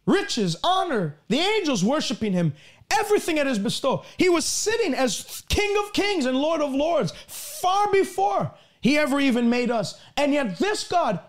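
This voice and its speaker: A man preaching a sermon, reading scripture aloud with slow, emphatic stresses. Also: very high-pitched, very animated.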